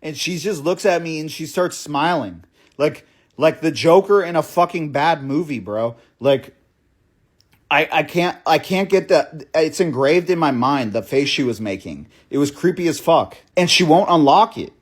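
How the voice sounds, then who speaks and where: A young man tells a story in an excited, breathless rush, restarting his sentences as he goes. His voice sits a little higher than most men's. He swears freely and keeps checking in with the listener. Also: moderate pace. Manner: casual, profane, keeps asking "right?" and saying "bro". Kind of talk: storytime monologue.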